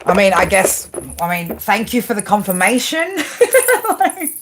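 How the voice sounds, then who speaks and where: A woman's voice: medium pitch, lively intonation, moderate pace, very noisy. A woman doing a casual livestream tarot reading, chatty and rambling, swearing casually as she talks through the cards at her table. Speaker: tarot reader. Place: home, at a table under a lamp.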